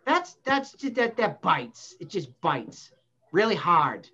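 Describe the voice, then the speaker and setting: A man's voice: high voice, sing-song, slow, sharp tone, breathy edge, dull audio. A man hosting a sports talk show in a small public-access studio, ranting bluntly and swearing mildly. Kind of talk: casual sports debate.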